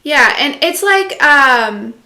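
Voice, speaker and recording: Slow, bright-voiced woman in an echoey room. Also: high voice, lively intonation. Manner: rambling, filler-heavy, talks straight to viewers; reads out and answers viewer comments. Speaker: intuitive reader and channeler. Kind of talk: casual live-stream channeled message.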